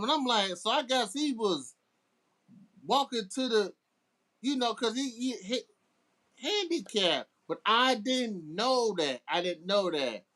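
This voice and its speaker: A middle-aged man, appearing as a guest DJ, tells laid-back stories about his years as a DJ. He speaks unhurriedly in a fairly bright voice whose pitch rises and falls a great deal, often restarting sentences.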